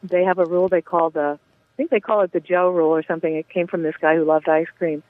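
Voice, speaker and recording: A woman playwright chats eagerly about her theater work as an interview guest. She talks in a relaxed, enthusiastic run. Her voice comes over a narrow, tinny phone line. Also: fairly low pitch, fast, no room sound. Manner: warm, enthusiastic, chatty with frequent yeahs. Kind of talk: casual interview talk.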